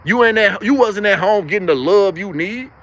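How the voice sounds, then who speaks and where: A young man with a high-pitched voice delivers a preachy livestream monologue. He hammers his points home with emphatic, repetitive phrasing. He talks the whole time as the live-stream host. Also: lively intonation, moderate pace, fairly bright tone.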